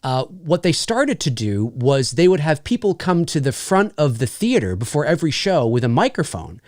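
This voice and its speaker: A man's voice: on the high side, moderate pace, no room sound, studio quality. A middle-aged man in casual chat as host, telling stories with lots of restarts and laughs. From Canada. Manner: animated storyteller, many restarts and laughs.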